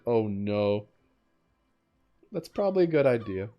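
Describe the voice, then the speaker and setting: This gameplay commentary features a man with a mid-range, fairly quick voice streaming a video game. He animatedly reads its text aloud, performing lines dramatically in between casual comments.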